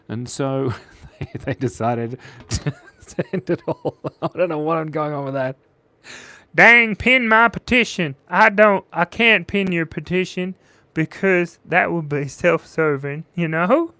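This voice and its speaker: A man's voice: fairly high pitch, a little slow, sharp tone. A man hosting a live drawing stream, reading chat messages aloud and trading silly jokes with viewers. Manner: jokey, playful, reads chat aloud. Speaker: livestream artist.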